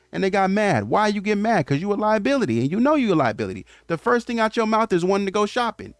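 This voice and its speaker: A man's voice: high-pitched, sing-song, brisk, few pauses, no room sound. A man giving an opinionated commentary monologue on relationships, lecturing emphatically and often stammering through restarts.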